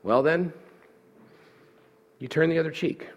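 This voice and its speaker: A man preaching a sermon with animated delivery who voices the listeners' objections as questions. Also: on the high side, a little slow, dull audio. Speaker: pastor.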